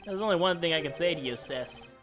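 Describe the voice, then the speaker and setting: Woman doing a cocky, gruff male agent. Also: on the low side, animated, a little fast, faint music behind, natural voice. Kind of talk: voicing a game character in a let's play.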